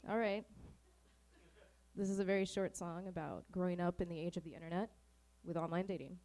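A woman's voice: lowish voice, steady tone, a little fast, warm tone. A woman musician on a comedy show's stage, talking in a hesitant, shy way before she plays. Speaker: musician guest. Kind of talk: casual stage banter. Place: small live comedy venue.

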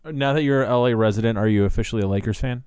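A man's voice: mid-range voice, very fast, a little mellow, clear, resonant tone, no echo, clean studio sound. A man chatting casually as a podcast co-host in a loose, opinionated way. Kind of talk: casual chat.

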